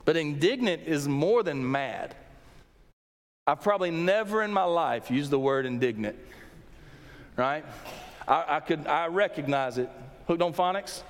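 A man's voice: a little high, expressive, unhurried, long pauses. A man preaching a conversational sermon, often restarting his sentences. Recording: long hall reverb.

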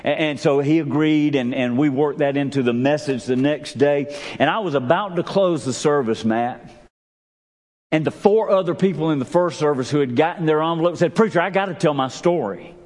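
A man preaching a sermon as pastor, emphatic, with big swings in pitch and pace. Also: moderate pace, darkish tone. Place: church sanctuary. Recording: long reverb of a church sanctuary.

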